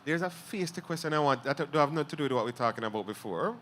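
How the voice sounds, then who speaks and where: At a literary event, a man with a Jamaican accent interviews a writer conversationally, thoughtful, laughing easily and framing long questions. His slightly high voice is animated, quick and a bit bright, with slight background noise.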